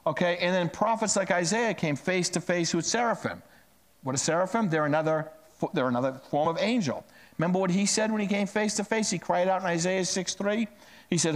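Speaking a little fast in a voice that sits high, a middle-aged pastor tells his sermon conversationally, like a story. He slips into hushed asides, then climbs on phrases he wants to stress.

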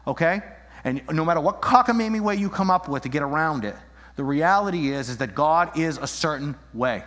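A man delivers an animated sermon in a fairly high voice. He acts out scenes and swings between voices as he presses his point. His words ring out with a long reverb through a hall. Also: brisk. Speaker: pastor. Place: church.

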